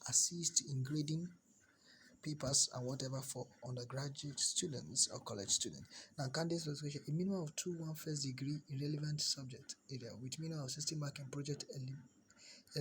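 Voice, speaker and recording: A man's voice: mid-range voice, a bit bright, slight background noise. Man explaining an application step by step. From Nigeria. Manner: repeats key words for emphasis and restarts phrases. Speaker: scholarship application guide. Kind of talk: screen-share walkthrough.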